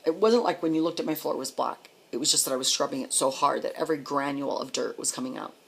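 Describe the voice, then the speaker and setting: Middle-aged woman, raspy edge, telling it straight with plenty of swearing. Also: deep voice, fairly bright tone. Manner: blunt, swears often, repeats words when emotional. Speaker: trucker's wife telling her story. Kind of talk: candid personal storytelling.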